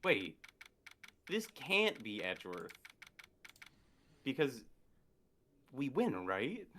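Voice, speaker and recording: A man co-streaming a game, teasing his partner in an excitable casual chat. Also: medium pitch, drawn-out words, a little hiss or hum.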